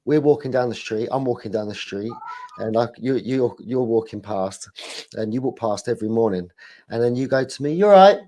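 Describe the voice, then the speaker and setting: A man in casual chat, rambling and animated, often laughing between his thoughts. His voice sits at an ordinary middle pitch for a man. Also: moderate pace. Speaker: guest.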